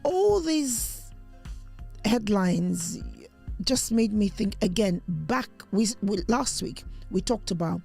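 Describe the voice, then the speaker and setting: A woman's voice: medium pitch, animated, slow pace, gravelly, darkish tone, husky, soft background music. A woman co-hosting a podcast, telling news stories in a rambling casual chat with many restarts. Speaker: podcast co-host.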